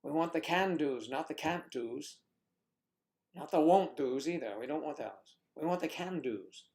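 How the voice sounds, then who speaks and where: His voice sits fairly high with a darkish tone, expressive and unhurried, as he hosts a relaxed livestream and reads comments from viewers. He plays with puns and sometimes drops to a whisper.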